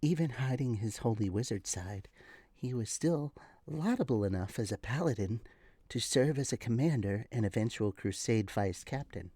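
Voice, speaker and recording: A man reading a story as a soft-spoken heroine, in a whispered role-play voice. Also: mid-range voice, animated, moderate pace, slightly rough, no room sound. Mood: soft, hushed.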